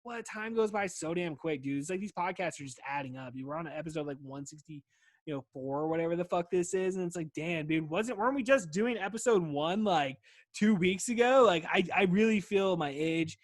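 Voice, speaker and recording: A man's voice: fairly high pitch, a little fast, no room sound. A man hosting a podcast in loose casual chat, rambling and swearing often, with a tired voice. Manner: rambling, swears often, says "dude" constantly. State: voice wearing out. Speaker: podcast host.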